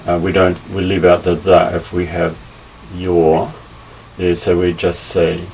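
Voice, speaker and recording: Slow, deep-voiced man teaching Bible. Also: monotone, a little mellow. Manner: measured, careful, with many pauses and fillers. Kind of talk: slow explanatory Bible lesson. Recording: slightly distant mic with faint ambient noise.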